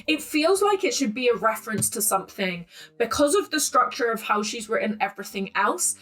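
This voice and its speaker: A woman's voice: a little high, sing-song, a little fast, fairly bright tone, low-quality recording. A woman giving casual, opinionated close-reading commentary as the host of a poetry analysis channel, talking to her camera at home with plenty of ums. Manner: chatty and opinionated, with frequent ums.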